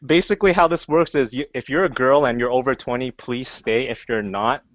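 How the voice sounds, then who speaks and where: A man's voice: medium pitch, a little fast, dry recording. A young man teasing his friends in a casual group voice chat over a headset. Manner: bantering, teasing. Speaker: voice chat guest. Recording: muffled online call audio.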